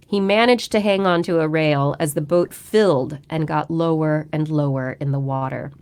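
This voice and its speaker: Low-voiced woman reading a story aloud. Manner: steady, measured read-aloud delivery. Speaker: storyteller reading her grandfather's book. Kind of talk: reading a book chapter aloud. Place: at home.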